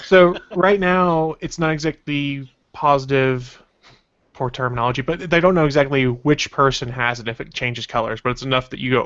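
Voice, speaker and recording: Guy hosting a nerdy podcast, rambly and relaxed, slightly muffled call audio. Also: mid-range voice, normal speed. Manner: relaxed, rambling, reads out news and chat messages. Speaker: podcast host. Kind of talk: casual chat.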